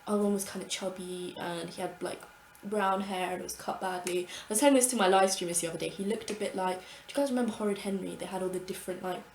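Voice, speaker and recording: A young woman telling an embarrassing story from childhood to camera, animated and swearing freely as she acts out her own thoughts. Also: mid-range voice, fast talker, roomy sound, slight background noise. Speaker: vlogger. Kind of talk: casual storytime monologue.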